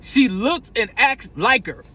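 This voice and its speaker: A man's voice: very high-pitched, expressive, takes it slowly, pushed and bright, slightly rough. A man talking casually in a vlog, rambling with slang and frequent stumbles and repeated words. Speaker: vlogger.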